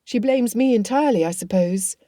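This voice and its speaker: A woman reading an audiobook voices a spirited young daughter, speaking brightly and quickly protesting. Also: a little high, dry recording, clean studio sound, pitched above the performer's own voice, close to an everyday voice. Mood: lively.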